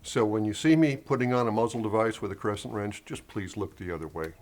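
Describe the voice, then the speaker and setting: A man with a fairly low voice, co-hosting a rifle-build tutorial with calm explanations and wry, dry remarks. His delivery stays relaxed and conversational. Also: quick pace, faint music behind. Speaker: gunsmithing co-host. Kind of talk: casual instructional banter.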